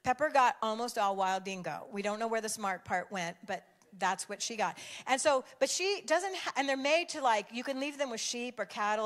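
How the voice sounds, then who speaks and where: Older woman preaching with animated storytelling. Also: fairly high pitch, moderate pace, hardly any pauses. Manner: animated storytelling with emphatic repetition. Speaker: speaker sharing a devotional message. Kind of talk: conversational sermon.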